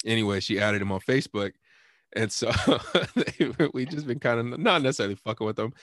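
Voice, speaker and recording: A man's voice: mid-range voice, expressive, normal speed, fairly bright tone, no room sound, studio quality. Laid-back slangy young man telling a story. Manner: laid-back slangy storyteller, laughs often, acts out both sides of the exchange. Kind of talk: casual storytelling chat.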